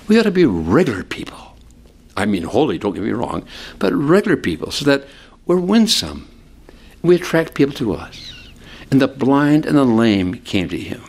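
A male pastor preaching an expository sermon in a conversational way, explaining scripture with friendly asides. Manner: animated, sweeping pitch for emphasis.

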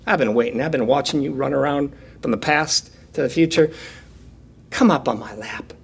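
A man preaching voices a gentle, patient Jesus, speaking low, soft and hushed in an inviting, unhurried way. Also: gravelly, breathy edge. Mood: tender.

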